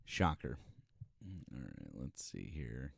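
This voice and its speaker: A man's voice: extremely low pitch, big pitch swings, slow, creaky, slightly rough, no echo. A man hosting a casual political live stream, talking in a sarcastic, exasperated way. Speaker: host.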